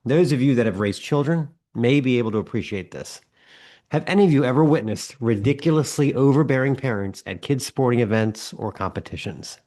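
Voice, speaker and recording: Wry man podcast co-host. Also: mid-range voice. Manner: wry storyteller, acts out yelling dads. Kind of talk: comedic podcast banter.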